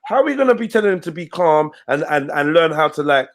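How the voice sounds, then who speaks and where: A man hosting a live online panel, firing quick, challenging questions. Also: on the high side, expressive.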